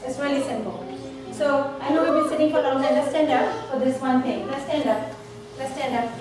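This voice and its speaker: A woman's voice: sits high, a little fast, over music. A woman presenting a live workshop, coaxing her listeners through breathing exercises with many repeated words. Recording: echoey room from far off, noisy.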